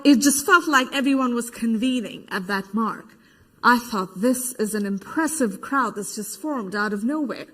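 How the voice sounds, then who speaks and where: A woman's voice: fairly high pitch, bright, forceful tone, heavily acted. An actress playing an adult female protester in a verbatim theater monologue, giving eyewitness testimony and acting out the voices she quotes. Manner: vivid retelling that acts out quoted voices. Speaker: stage actor.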